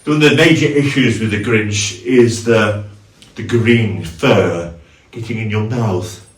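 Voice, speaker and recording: A man talks through his costume in a relaxed, chatty way, stopping and restarting as he goes. He sounds a bit far from the mic, and the room echoes around him. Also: on the low side. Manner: chatty, halting, with fillers and restarts. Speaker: cosplayer, video host. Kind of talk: casual costume walkthrough.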